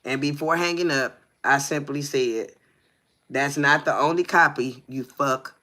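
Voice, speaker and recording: Slow-reading man with a bright voice. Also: fairly high pitch. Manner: stumbling reading, frequent "you hear me" asides. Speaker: livestream co-host. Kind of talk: reading a text aloud with comments.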